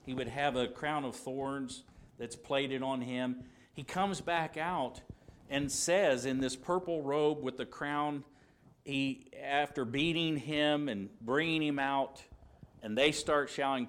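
A man's voice: medium pitch, unhurried. Male preacher mid-sermon, emphatic, repeats lines, dramatizes quotes. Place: church service.

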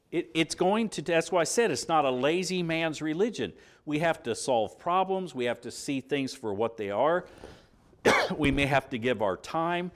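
A man preaching a conversational sermon, halting and circling back mid-sentence, often putting rhetorical questions to his listeners. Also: a little high.

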